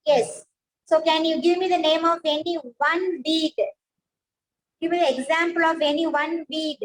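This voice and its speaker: A woman's voice: very high-pitched, steady tone, normal speed, poor audio. A woman, teaching a science class, patiently repeating points and praising pupils by name.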